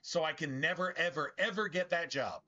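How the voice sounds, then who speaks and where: Bright and forceful, a little high, at a moderate pace: a man streams a game while delivering a rambling, bitter, profanity-laden rant full of restarts. The highs in the recording are cut off.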